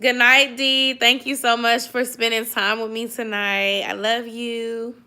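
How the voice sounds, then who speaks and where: A woman's voice: fairly high pitch, level tone, a little slow, pushed and bright, smooth. A young woman from the Atlanta area, hosting a casual late-night livestream, chatting with viewers and giving sisterly advice while sleepy and yawning. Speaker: YouTube livestream host. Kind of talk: casual livestream chat reading viewer comments.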